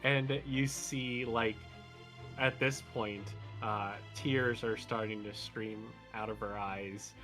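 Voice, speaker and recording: A man running a tabletop role-playing game, narrating the scene in a relaxed, gentle voice. He talks slowly, with fillers, over faint music. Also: on the low side. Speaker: game master.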